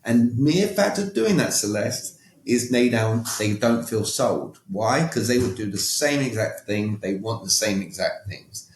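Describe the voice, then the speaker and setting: A man's voice: on the low side, animated, unhurried, few pauses. Emphatic British man, roomy sound. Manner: emphatic, direct, tags points with "all right?". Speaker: guest, communication coach. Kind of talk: casual interview talk. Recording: roomy echo.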